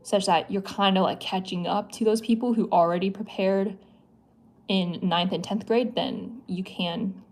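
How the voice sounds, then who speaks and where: A woman's voice: medium pitch, steady tone, unhurried, a little mellow. A young woman from the US Midwest hosting a casual livestream, answering chat questions in a chatty, playful way. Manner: chatty, playful, with many likes and giggles.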